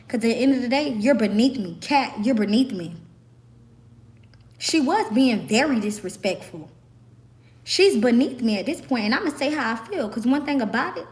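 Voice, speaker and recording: A young woman from the American South with a Southern accent, hoarse from screaming, ranting sassily and emphatically to camera. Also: a little high. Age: young adult. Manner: sassy, emphatic, repeats herself. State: hoarse, voice worn out. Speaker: vlogger.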